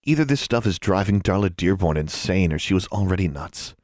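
A man's voice: low-pitched, animated, a little fast, darkish tone, dry recording, studio quality. A man voicing a blunt muttering teenage boy. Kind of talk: audiobook character voice.

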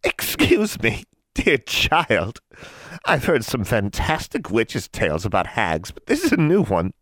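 A man's voice: medium pitch, huge pitch swings, unhurried, a bit bright, no echo, voice pushed up, full character voice. A man voicing a sly, mocking old female hag in an audiobook.

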